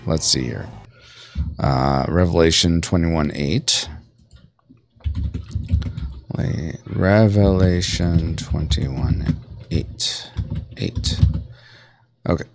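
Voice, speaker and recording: Low-voiced playful male streamer. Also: moderate pace. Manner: playful, rambling, reads chat aloud. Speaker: streaming host. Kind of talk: casual livestream chat while gaming.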